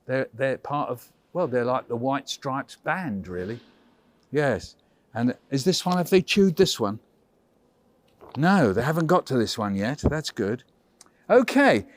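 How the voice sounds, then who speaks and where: A man visiting a hospital school classroom as a children's author, telling stories to young children in an animated, chatty and playful way. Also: mid-range voice, no room sound. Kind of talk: lively storytelling to young children.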